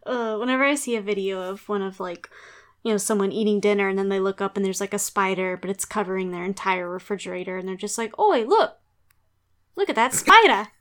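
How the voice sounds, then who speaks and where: A woman's voice: medium pitch, fairly even intonation, quick pace. Giggly woman hosting a chatty podcast. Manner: giggly, playful, rambling. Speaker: podcast host. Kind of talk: casual chat.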